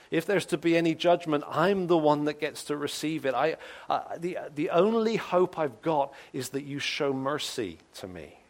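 A man preaching in a church in a relaxed, conversational way. He is earnest and sincere, stumbling over repeated words as he thinks aloud. At times he drops to a quiet, hushed tone for a prayer. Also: fairly high pitch. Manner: earnest, drops to soft hushed tones when voicing a penitent's prayer. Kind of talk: conversational sermon.

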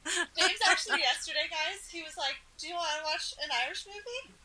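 A woman's voice: very high voice, fairly quick, slight background noise, poor audio. A woman co-hosting a podcast, telling stories with enthusiasm in casual chat. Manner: enthusiastic, animated storytelling. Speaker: podcast co-host.

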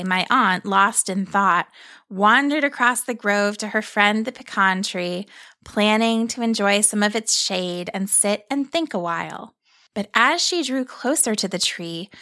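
A woman narrating a gentle story in a calm, explanatory way, stopping to explain things as she goes. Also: medium pitch.

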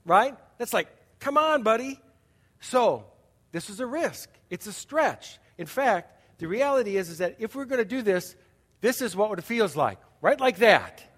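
Male pastor, high voice, chatty sermon storytelling, long echo of a big church hall. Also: sing-song, normal speed, a bit bright, slightly rough. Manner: conversational storytelling with audience asides.

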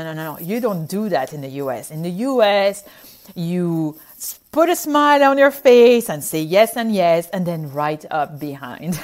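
A woman physician from France with a French accent, telling stories in a casual, animated way with frequent "like" fillers and laughter. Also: medium pitch. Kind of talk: casual storytelling.

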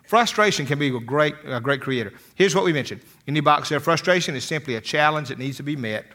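Older male motivational speaker; bright, slightly high voice; folksy storyteller who stammers into his sentences. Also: animated, fast talker. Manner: folksy storytelling, repeats words when starting sentences. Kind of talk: motivational talk with stories.

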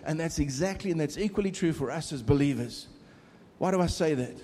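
A man's voice: high-pitched, fairly quick, warm tone. A middle-aged man preaching a sermon in a conversational way, joking with the congregation. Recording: long reverb of a large hall.

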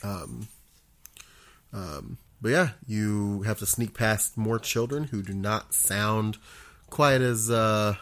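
Casual male podcast guest, lowish voice, halting delivery. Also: fairly bright tone. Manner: hesitant, many ums and restarts. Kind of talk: casual chat.

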